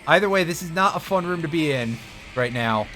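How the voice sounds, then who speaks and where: A male streamer talks through his game in a dry, self-mocking way and chats with his viewers. His voice sits a bit high and sounds bright and forceful. Game music plays faintly behind him. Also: expressive, a little fast. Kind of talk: live gameplay commentary.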